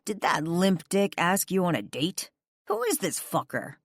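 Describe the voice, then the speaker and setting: Female narrator playing a cursing rock star father, lowered voice, slow and steady delivery, audiobook. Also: dry recording, clean studio sound, full character voice. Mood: angry, hushed. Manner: soft and gentle with his child, blunt and cursing in arguments. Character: gruff young male rock star, protective dad.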